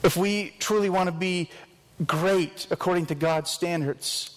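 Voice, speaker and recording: Earnest preaching man, higher voice. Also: steady tone, measured pace, long reverb tail, rough recording. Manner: earnest, conversational preaching with self-deprecating asides. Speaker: pastor. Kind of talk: sermon.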